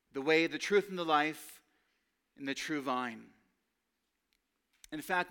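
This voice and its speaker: A man preaching a sermon with earnest emphasis, lifting his voice on key phrases and dropping lower and slower to quote scripture. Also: sharp tone. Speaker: pastor.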